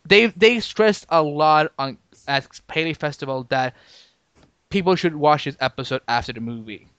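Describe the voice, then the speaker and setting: A man hosting a podcast in casual chat, talking in halting bursts with lots of restarts and fillers. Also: a little high, lively intonation, fairly bright tone, smooth, dry recording, lo-fi sound. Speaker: podcast host.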